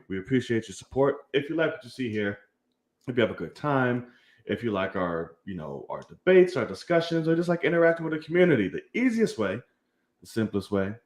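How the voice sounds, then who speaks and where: Hosting a laid-back film podcast, a young man with a medium-pitched, darkish voice promotes the channel, talks loosely in casual chat, and doesn't hold back on swearing.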